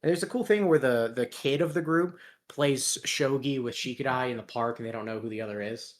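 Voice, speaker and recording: A man hosting a casual chat, sarcastic and quick to laugh, swearing freely. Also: medium pitch. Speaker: host.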